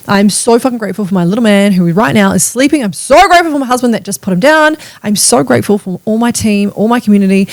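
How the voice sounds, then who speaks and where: A woman, hosting a casual solo podcast, chatty and animated, swearing freely as she riffs. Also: mid-range voice, dry recording. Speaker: podcast host.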